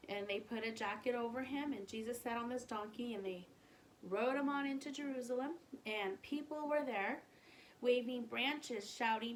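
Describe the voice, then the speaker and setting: Animated woman telling a children's story. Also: a little high, moderate pace, slight background noise. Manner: animated, sing-song, asks the listener questions.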